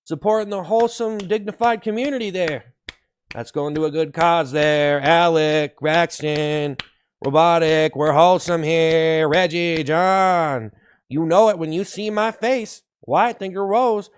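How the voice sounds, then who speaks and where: A man hosting a livestream, shouting repeated whoops between slow, sarcastic slogans praising himself to his viewers. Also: on the high side, clear, resonant tone. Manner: sarcastic, ironic self-praise. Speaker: livestream host. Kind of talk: mock-hype livestream chat with viewers.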